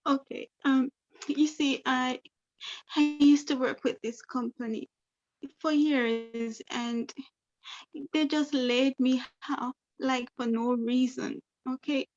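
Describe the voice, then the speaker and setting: A woman with a fairly high voice plays a troubled client in a counseling role-play. She talks slowly and repeats herself, circling back to the same filler phrases. The sound is the dull, lo-fi audio of a video call. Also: fairly even intonation. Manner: repetitive, leans on "you know".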